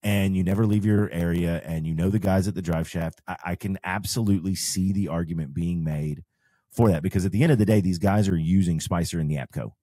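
A man's voice: sits low, brisk, warm tone, dry recording, clean studio sound. A man, co-hosting a podcast and explaining off-road parts step by step in casual talk. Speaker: podcast host and off-road shop owner. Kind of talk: casual advice chat.

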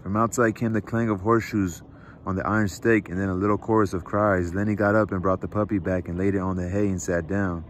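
A man reading a novel aloud in steady, unhurried narration. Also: deep voice, a little hiss or hum. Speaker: reader. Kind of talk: book read aloud.

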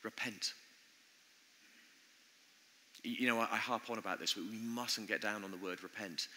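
A man preaching a sermon in an earnest, conversational way, pausing often as he speaks in a church. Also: on the low side, pushed and bright. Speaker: pastor. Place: church building. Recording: long church reverb.

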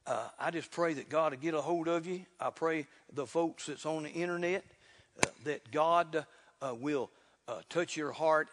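A man preaching a sermon in a folksy, fervent way, building to loud exclamations. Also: on the high side, a little slow. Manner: folksy, repeats "look here". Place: church sanctuary. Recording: reverberant church hall.

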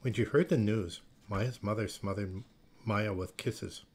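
This male reader has a fairly low voice with a breathy edge, and he tells a children's picture book story slowly and expressively.

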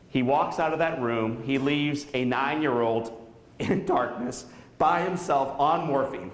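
This man, a motivational speaker in his thirties from around Saint Louis, talks in an unhurried, mid-range voice with slight background noise behind him. Delivering a school keynote in the auditorium, he dramatizes a story and puts questions to the crowd. The sound reverberates through the hall.

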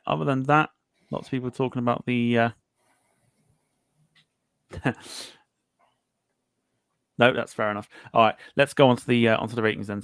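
A man's voice: medium pitch, no room sound. A man hosting a podcast, chatting casually and reading out viewer comments, joking and stumbling over words now and then. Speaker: podcast host.

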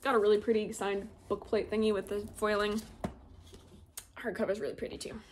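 A woman's voice: mid-range voice, level tone, brisk, a little mellow, a little hiss or hum. A young woman in a casual book haul vlog, chatty and gushing as she shows off her new books. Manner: gushing, chatty, reads blurbs aloud. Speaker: booktuber.

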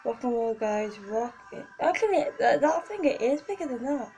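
A chatty teenage girl vlogs in a giggly, gushing way, her voice sitting fairly high. She rambles casually to her viewers. Soft music plays faintly behind her. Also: animated, moderate pace, low-quality recording. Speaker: vlogger. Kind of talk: casual vlog chat.

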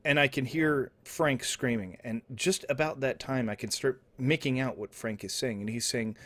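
A young man telling an absurd story in deadpan, rambling comedy style, with restarts and asides, sometimes dropping to mumbles and sometimes rising to loud outbursts. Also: mid-range voice, moderate pace, hardly any pauses. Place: indoor home setup, streaming.

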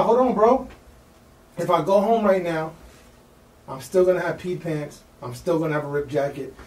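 Fast-talking New man telling a story. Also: a little high, reverberant, distant mic. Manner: excited, slangy, acts out the people in his story. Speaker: podcast guest. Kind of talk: animated storytelling.

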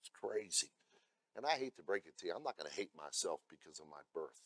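Preaching pastor with dry sound. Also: male voice, deep voice, expressive, quick pace, no room sound. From America. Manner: preaching with sudden loud scripture readings and asides. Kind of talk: sermon. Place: church.

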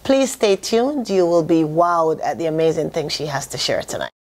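A woman's voice: deep voice, sing-song, normal speed, a little mellow. A woman hosting a talk show who interviews her guest in an upbeat, effusive way.

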